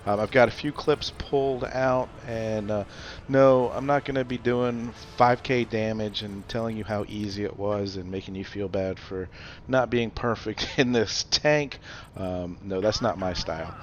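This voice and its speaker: A man giving a relaxed, chatty game review with lots of fillers and little chuckles. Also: on the low side, unhurried, slight background noise. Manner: chatty, loose, many fillers, chuckles often. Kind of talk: casual gameplay commentary.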